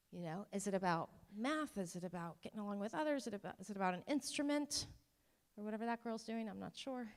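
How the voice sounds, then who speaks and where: Woman presenter at a parent workshop, chatty and self-deprecating, voice carried on a long hall echo. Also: on the high side. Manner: conversational, with ums and self-deprecating asides. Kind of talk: informal talk to parents.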